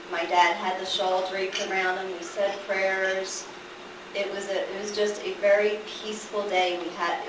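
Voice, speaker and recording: Woman telling a story in an echoey room. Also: mid-range voice. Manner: animated, laughing through the funny parts. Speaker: daughter telling a story at a gathering. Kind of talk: storytelling to a live audience. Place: large echoey room at a family gathering. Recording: echoey room, far from the mic, background noise.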